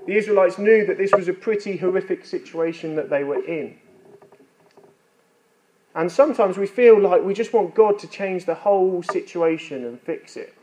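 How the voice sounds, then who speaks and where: A man preaching, his voice sitting a little high for a man. He talks to the congregation in an earnest, conversational way and slips in dry, self-deprecating asides. A faint hiss sits under the recording. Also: darkish tone, muffled recording. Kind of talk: sermon.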